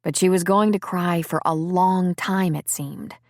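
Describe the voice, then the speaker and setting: A woman narrating an audiobook in an expressive, storytelling manner. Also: lowish voice, a little slow, dry recording, clean studio sound.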